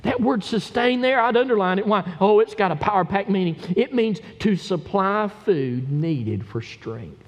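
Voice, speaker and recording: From a church pulpit, a high-pitched pastor shifts between steady Scripture teaching and impassioned, emphatic exhortation that rises to loud preaching. He keeps a moderate pace with hardly any pauses, and a long reverb from the sanctuary trails his voice.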